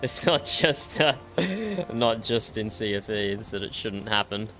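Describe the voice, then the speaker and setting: A man's voice: on the low side, big pitch swings, slow pace, fairly bright tone, faint music behind. An Australian man chatting casually during an online roleplay game, laughing often and repeating his own phrases. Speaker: roleplay streamer.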